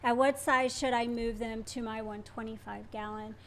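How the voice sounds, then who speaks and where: A woman co-hosting a casual livestream Q&A, answering in an easygoing way with quick short replies. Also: fairly high pitch, fairly even intonation, a bit bright, slight background noise. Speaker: co-host.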